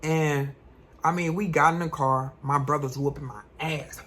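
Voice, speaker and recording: A young man, a vlogger, tells a personal story in an animated, slangy way. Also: fairly high pitch, moderate pace, slight background noise. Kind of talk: storytime vlog.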